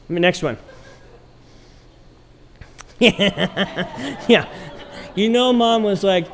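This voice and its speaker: A man's voice: high-pitched, drawn-out words, long pauses. A middle-aged man preaching a sermon as pastor, telling stories playfully and acting out quotes. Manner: animated, playful storytelling with acted quotes.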